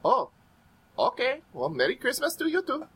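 A polite, cheerful taxi driver with a raised, sing-song lift to his voice, as a game master puts him on. His tone is bright and eager to help. He sounds like a friendly figure in a tabletop game. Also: high-pitched, wildly swooping pitch, normal speed, slightly rough, voice pushed up, heavily acted. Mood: chirpy polite.

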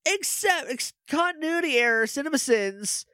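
A man's voice: very high voice, expressive, normal speed, pushed and bright, no echo, studio quality. A young man co-hosting a podcast, casually recapping a show in a rambling way and slipping into silly character voices. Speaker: podcast co-host.

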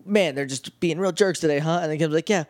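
Guy podcast cohost, kinda high voice, rambly recap, laughs a lot, dry close sound. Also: fast talker, no echo. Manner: rambling, laughs often, acts out characters' lines. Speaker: podcast co-host. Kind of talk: casual episode recap chat.

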